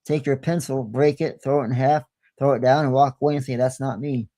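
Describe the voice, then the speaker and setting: A man's voice: mid-range voice, steady tone, fairly quick, mellow. A man guest on a podcast, telling stories in a folksy way, often repeating himself. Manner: folksy storyteller, repeats himself, clears his throat. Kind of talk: casual podcast chat.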